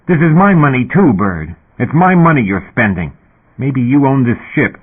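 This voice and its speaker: A man voicing an angry, argumentative male miner who is loud and short of breath. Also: medium pitch, sing-song, normal speed, husky, voice pushed up. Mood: heated, insistent. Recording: tinny phone-like audio.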